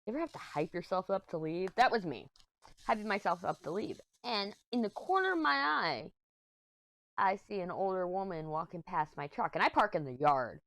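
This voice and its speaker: A woman's voice: lowish voice, expressive, normal speed, fairly bright tone, dry recording. A middle-aged woman vlogger chatting casually while she crafts, telling a rambling story and giggling often. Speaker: diamond painting vlogger.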